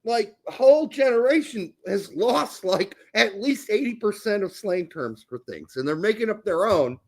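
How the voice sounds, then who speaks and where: Lively, laughing middle-aged man. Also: high voice, normal speed. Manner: jokey, laughs often, animated storytelling. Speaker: podcast co-host. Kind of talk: casual chat.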